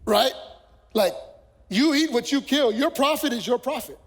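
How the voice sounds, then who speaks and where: Pastor, male, very high voice, slow and impassioned sermon delivery, hall reverb. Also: lively intonation, slight background noise. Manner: impassioned, building to shouted peaks. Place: church sanctuary. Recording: long reverb of a church hall, faint music.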